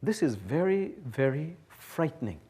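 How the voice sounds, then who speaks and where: A man from Bangladesh, giving an animated, playful public lecture to a live audience. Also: fairly high pitch, unhurried, slightly rough. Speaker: guest speaker. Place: talk before a live audience.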